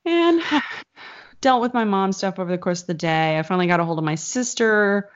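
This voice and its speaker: A woman's voice: medium pitch, normal speed. A woman telling a story in a casual chat, rambling and full of "like" fillers. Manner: rambling, filler-heavy, animated retelling. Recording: slightly dull lo-fi sound.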